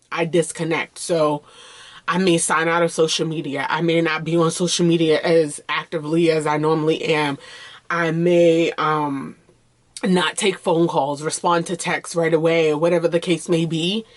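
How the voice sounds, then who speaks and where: A woman vlogging in a candid, conversational way, earnest and open as she speaks directly to her viewers. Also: fairly low pitch. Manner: loose and conversational, with fillers and restarts. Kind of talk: candid personal vlog talk.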